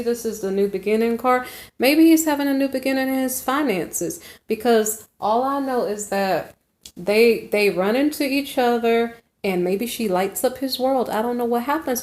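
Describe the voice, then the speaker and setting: A woman's voice: on the high side, darkish tone. A woman giving a casual tarot reading to viewers, rambling and correcting herself as she goes, often checking in with "okay?". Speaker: tarot reader. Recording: roomy echo.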